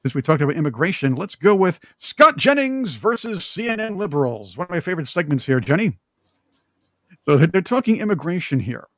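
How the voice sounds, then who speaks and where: A male talk show host with a lively voice that leaps around in pitch and sits a touch high. He argues his points emphatically and cracks jokes between them. The sound is dry and close. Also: a little fast, no room sound. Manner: animated, joking, emphatic. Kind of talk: opinionated political talk.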